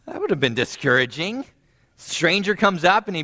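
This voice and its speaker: A man preaching a sermon, animated and storytelling, acting out quoted voices and softly repeating key phrases for emphasis. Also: normal speed. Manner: animated, acts out quoted voices with big pitch jumps. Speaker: pastor.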